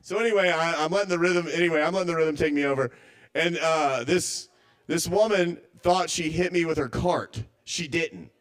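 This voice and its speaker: A man's voice: on the high side, moderate pace, fairly bright tone. A man doing a stand-up set at a live open mic, rambling and self-doubting, stammering through restarts.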